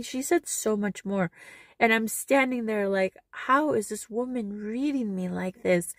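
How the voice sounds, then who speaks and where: A woman's voice: medium pitch, no echo, studio quality. A middle-aged woman telling a personal story in a vlog, earnest and emotional as she retells conversations. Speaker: vlogger.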